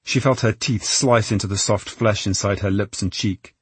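A man narrating an audiobook in a measured, tense storytelling manner. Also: on the low side, fairly even intonation, husky, no room sound. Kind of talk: scripted narration.

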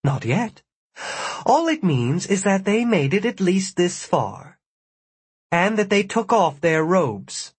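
A narrator gives voice to a blunt young woman who speaks in clipped commands. The voice is husky and slightly raised, recorded dry and close. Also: high-pitched, sing-song, slow, no echo, voice pushed up, exaggerated voice. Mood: curt. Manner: curt and commanding.

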